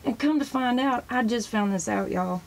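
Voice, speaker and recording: Woman host, gravelly voice, casual and rambling, eager to show pictures from her books. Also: fairly high pitch, normal speed, a little mellow, slight background noise, rough recording. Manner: sprinkles praise phrases into talk. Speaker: religious video host. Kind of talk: casual show-and-tell talk to camera.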